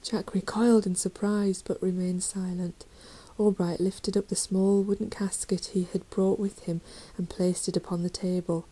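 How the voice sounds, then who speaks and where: A woman's voice: mid-range voice, level tone, normal speed, few pauses, low-quality recording. A woman narrating a children's fantasy storybook in a dramatic reading style. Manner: dramatic reading, raising voice for shouted lines. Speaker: audiobook reader.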